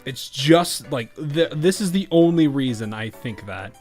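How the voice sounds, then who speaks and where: A man's voice: mid-range voice, lively intonation, measured pace, darkish tone, soft background music. A man giving casual commentary on a game he is playing, rambling with restarts and laughing often. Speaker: game streamer.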